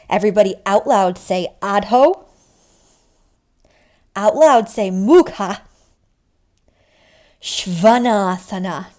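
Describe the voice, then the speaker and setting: A woman's voice: medium pitch, warm tone. A young woman teaching yoga to young children in a sing-song, encouraging way. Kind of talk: leading a kids' yoga class.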